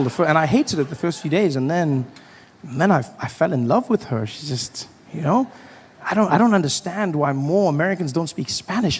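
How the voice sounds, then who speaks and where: Comedian in an echoing club. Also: male voice, medium pitch. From South Africa. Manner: playful, conspiratorial riffing with the crowd. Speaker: stand-up comedian. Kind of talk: stand-up comedy routine. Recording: live club, long reverb, faint crowd noise.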